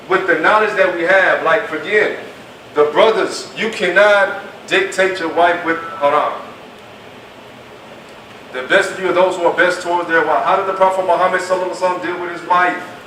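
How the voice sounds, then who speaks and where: Teaching a classroom lecture, this man speaks emphatically and casually, performing quoted speech as he goes. His high-sitting voice is pushed and bright yet steady in tone, moving at a moderate pace with long pauses. Recorded from a distance in an echoey room, with faint noise.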